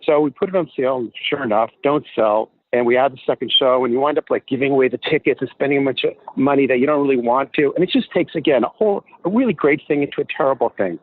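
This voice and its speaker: Fast-talking man on a phone line. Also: mid-range voice, no echo. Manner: animated storyteller, acts out voices. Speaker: guest promoter. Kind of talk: telling a story on a podcast.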